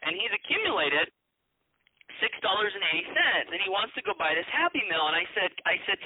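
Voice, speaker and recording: A man podcast host telling a personal story in a casual, animated way, acting out the dialogue and often restarting his sentences. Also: sits high, a little fast. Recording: dry, phone-like narrow sound.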